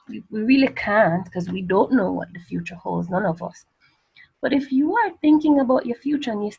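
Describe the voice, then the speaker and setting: A woman's voice: medium pitch, gravelly, darkish tone, breathy edge, rough recording. A woman teacher working through exam questions on a poem step by step, posing rhetorical questions and answering them in a patient, conversational way. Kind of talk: exam revision lesson.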